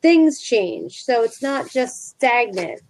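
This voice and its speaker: A woman's voice: on the high side, animated, slow. A woman chatting casually in an online video conversation, filling her talk with "like". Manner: chatty, lots of "like".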